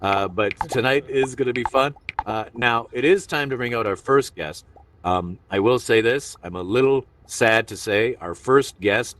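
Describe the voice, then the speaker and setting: A man's voice: medium pitch, moderate pace, a bit bright, far from the mic. A man hosting a stand-up comedy show in a virtual reality room, rambling and self-deprecating, with many filler asides.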